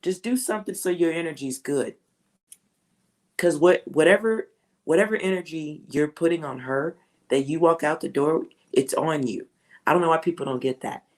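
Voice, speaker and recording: A woman giving a live tarot reading to a viewer, blunt and slangy, often laughing, swinging between loud outbursts and hushed asides. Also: low-pitched, normal speed, low-quality recording. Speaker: tarot reader.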